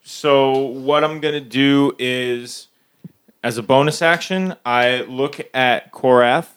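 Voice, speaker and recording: Bright, forceful male player, playful and chatty. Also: mid-range voice, steady tone, slow. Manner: playful, laughing, describing his character's actions. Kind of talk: casual tabletop play.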